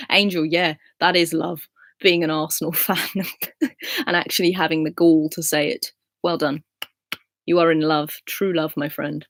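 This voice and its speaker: A woman in her twenties with an English accent, hosting a casual live chat and answering viewers' comments in a relaxed, friendly way. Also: on the low side, normal speed, no room sound, clean studio sound. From England. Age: 20s. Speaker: livestream host.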